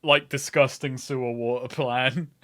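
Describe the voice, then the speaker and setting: A man playing a tabletop game, crude and animated, laughing as he describes his character's actions. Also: mid-range voice, measured pace, dry recording, clean studio sound. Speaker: player.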